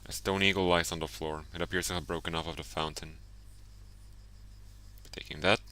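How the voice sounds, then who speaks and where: Low smooth-voiced man playing a game. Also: fairly even intonation, a little fast, pushed and bright. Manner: muses aloud, laughs at his own jokes. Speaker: let's play streamer. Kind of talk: casual gameplay commentary, reading game text aloud.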